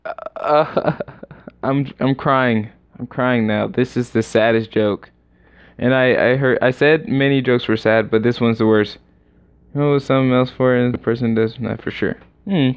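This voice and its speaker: A man's voice: mid-range voice, fairly even intonation, a little slow, smooth. A man giving let's-play commentary while gaming, groaning in mock exasperation. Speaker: gamer. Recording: lo-fi muffled recording.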